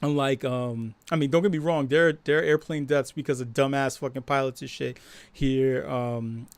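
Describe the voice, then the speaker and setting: A man hosting a live stream, talking casually with lots of swearing and laughter, and acting out quoted voices louder and higher. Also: moderate pace, smooth, no echo. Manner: profane, laughing, animated storytelling. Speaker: host.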